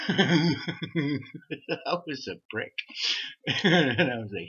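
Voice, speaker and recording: A man's voice: on the high side, lively intonation, extremely slow, pauses often, sharp tone, husky. A man telling a rambling, profane story, swearing often and laughing at himself. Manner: swearing, laughing at own stories. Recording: dull lo-fi audio.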